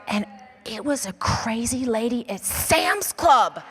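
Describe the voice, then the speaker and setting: Animated woman preaching in a reverberant hall. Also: fairly high pitch, unhurried, a little hiss or hum. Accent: American. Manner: animated storyteller acting out dialogue, says "like" often. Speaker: pastor. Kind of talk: sermon storytelling. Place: church auditorium. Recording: long reverb of a church hall.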